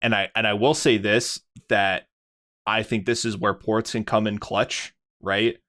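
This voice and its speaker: A man with a lowish voice chats on a podcast in a loose, rambling way. He circles his points, restarting often and leaning on fillers. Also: fairly even intonation, unhurried, a bit bright. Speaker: podcast co-host. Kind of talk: casual chat.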